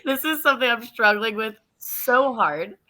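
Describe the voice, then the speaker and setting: A woman's voice: fairly high pitch, expressive, moderate pace, pushed and bright. A woman actor chatting on a theater panel, self-deprecating and laughing. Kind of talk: casual panel chat.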